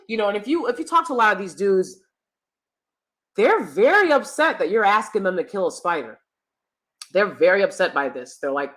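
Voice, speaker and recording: A woman's voice: medium pitch, very animated, a little fast, fairly bright tone. Female vlog host, casual commentary, emphatic and chatty, drives points home by repeating lines. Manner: conversational, emphatic, sprinkled with "you know" and "right". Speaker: channel host.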